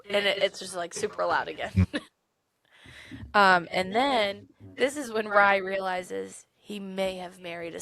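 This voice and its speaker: A young woman co-hosting a podcast, retelling a book's plot in a chatty, animated way with many fillers. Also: medium pitch, vocal fry. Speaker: podcast co-host. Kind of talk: casual book discussion.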